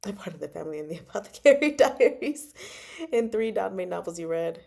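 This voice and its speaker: A woman's voice: mid-range voice, expressive, a little fast, vocal fry, a little mellow. A woman hosting a casual book chat, bubbly and giggly as she retells a novel's scenes. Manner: bubbly, giggly, retells dialogue in playful voices.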